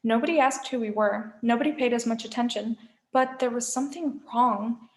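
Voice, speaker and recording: A woman, a teacher, reading a novel aloud with expressive storytelling. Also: fairly high pitch, moderate pace. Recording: echoey room.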